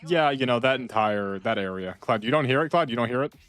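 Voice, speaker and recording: A man chatting casually while playing a game, rambling and repeating himself, with sudden loud outbursts. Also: mid-range voice, lively intonation, quick pace. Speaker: gaming streamer. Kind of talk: casual gameplay chat.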